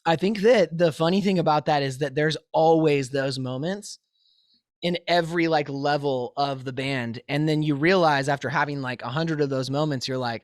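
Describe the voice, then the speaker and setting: A male musician being interviewed over a remote call from his home studio, telling stories in a lively, easily laughing way. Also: fairly high pitch, normal speed, no echo. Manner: animated storyteller, laughs easily. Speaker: musician guest. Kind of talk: casual interview chat.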